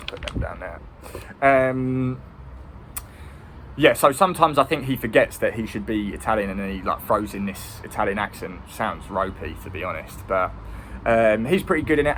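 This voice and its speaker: Guy chatting through a movie review, kinda low voice, lots of ums and restarts. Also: a bit bright, a little hiss or hum. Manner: rambling, with many ums and restarts. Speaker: film reviewer. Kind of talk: casual film review.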